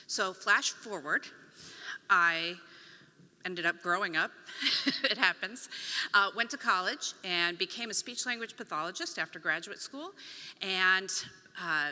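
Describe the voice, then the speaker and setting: Bright animated woman telling stories on stage. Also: mid-range voice. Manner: animated, acts out quoted voices. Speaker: conference speaker; speech pathologist. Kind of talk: storytelling keynote talk. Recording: long reverb of a hall.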